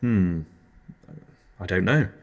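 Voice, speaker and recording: A man's voice: deep voice, takes it slowly. A man hosting an absurdist comedy podcast, narrating in a mild, hesitant, dry way. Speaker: podcast host.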